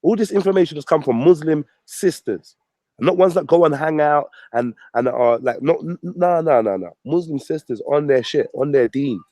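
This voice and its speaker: A man's voice: on the high side, moderate pace, darkish tone, no echo. A man ranting on his channel, mocking and swearing at a rival. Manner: profane, mocking, combative. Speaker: vlogger. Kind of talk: ranting commentary.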